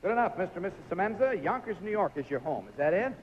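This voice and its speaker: A man's voice: high-pitched, very animated, racing, highs cut off, a little hiss or hum. A man hosting a live 1950s television game show, coaxing contestants through stunts with a jovial, laughing manner.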